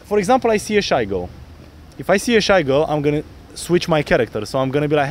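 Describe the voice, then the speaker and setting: On a city street, a dating coach talks quickly in a fairly high voice, explaining to a student how to approach women. He's animated, acting out his pickup lines in different voices. Slight background noise accompanies this outdoor coaching talk.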